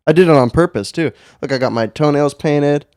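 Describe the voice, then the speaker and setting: A man co-hosting a casual podcast, making crude jokes and quick asides. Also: on the high side, darkish tone, clear, resonant tone, no room sound, clean studio sound. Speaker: podcast co-host.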